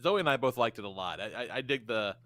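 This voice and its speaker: A man's voice: mid-range voice, quick pace. A man co-hosting a podcast in casual chat, telling stories with plenty of swearing. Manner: animated storytelling, swearing. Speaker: podcast co-host.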